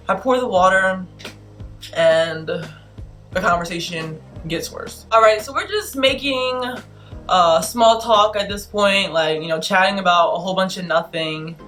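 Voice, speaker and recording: A woman in her twenties vlogging, telling a story in an animated, exasperated, emphatic way. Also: on the low side, unhurried, faint music behind. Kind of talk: casual storytelling vlog.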